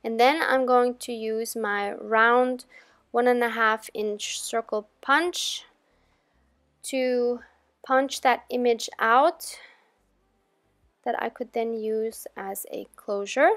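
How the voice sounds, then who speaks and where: A woman hosting a crafting channel, talking viewers through her project in a chatty, relaxed voice-over. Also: fairly high pitch, slow, no echo. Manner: chatty and relaxed, with gentle laughs. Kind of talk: casual tutorial voice-over.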